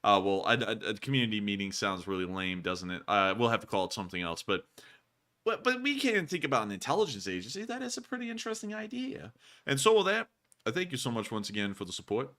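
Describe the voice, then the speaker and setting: A man's voice: fairly low pitch, very animated, fast, bright, forceful tone. A man hosting a casual live stream, joking around, laughing often and repeating his phrases as he reacts to viewer messages. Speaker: show host reading viewer messages.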